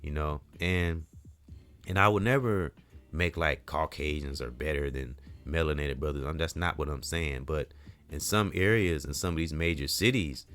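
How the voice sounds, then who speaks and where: A middle-aged man speaks in a low, deep register, talking casually to camera in a vlog monologue. He rambles earnestly and keeps circling back with "you know." Now and then he lets a curse word slip. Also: normal speed, a bit bright. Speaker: community vlogger.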